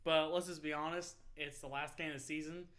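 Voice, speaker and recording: Young male podcast co-host, higher voice, swears and laughs through rambling stories. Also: brisk. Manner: profane, laughing, animated storytelling. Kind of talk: casual sports podcast banter.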